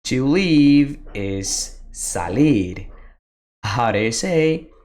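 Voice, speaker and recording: A teacher giving a beginner Spanish lesson, drilling words and phrases slowly with pauses for the listener to repeat. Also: medium pitch, expressive, a little mellow. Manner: slow, deliberate drilling with pauses for repetition. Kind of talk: slow beginner language lesson.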